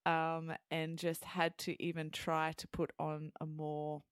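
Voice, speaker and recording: A woman with a lowish voice explains vocabulary in a clear, measured teaching manner before interviewing her guest. The sound is dry and close. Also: monotone, dry recording. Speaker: host and English teacher.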